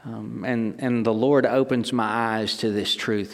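A man's voice: mid-range voice, fairly even intonation, a little slow, creaky. Middle-aged man preaching in a reverberant hall. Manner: emphatic, with rhetorical questions and restarts. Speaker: pastor. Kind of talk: sermon.

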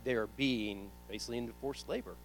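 A young man preaching, telling a personal story with animated delivery and acting out his own panic. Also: mid-range voice, a little fast, faint music behind, rough recording.

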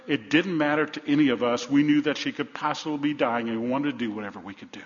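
A man preaching a sermon as pastor, repeating phrases for emphasis and dropping from loud to hushed. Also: medium pitch, quick pace, few pauses. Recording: reverberant hall, dull sound.

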